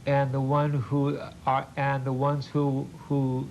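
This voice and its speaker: An older male TV host doing an in-studio sales pitch, halting and repeating words, with a jokey folksy manner. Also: completely flat delivery, a little mellow. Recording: muffled old TV broadcast with faint hiss.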